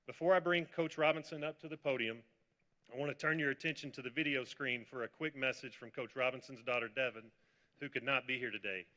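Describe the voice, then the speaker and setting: Formal man at the podium, bright forceful tone, echoing hall. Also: mid-range voice, steady tone. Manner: measured, formal speech. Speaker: athletic director. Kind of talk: formal press conference introduction. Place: large hall at a press conference.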